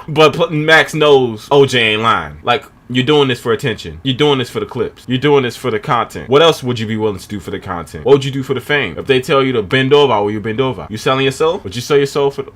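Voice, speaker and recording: A man's voice: mid-range voice, fast talker, few pauses. A man hosting a reaction video, commenting casually and questioning what he watches. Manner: animated, questioning, talks back at the clip.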